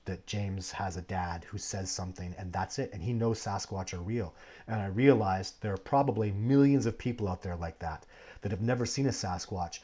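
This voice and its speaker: A man hosting a casual live Q&A stream, telling long, digressive stories with many restarts. He swings between animated bursts and low, muttered asides. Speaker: livestream host answering viewer questions.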